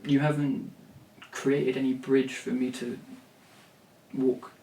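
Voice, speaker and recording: Taking it slowly, this songwriter-vlogger talks in a flat, creaky yet mellow mid-range voice. He rambles to camera, blunt and swearing freely, restarting many times. The sound is roomy and off-mic with faint ambience.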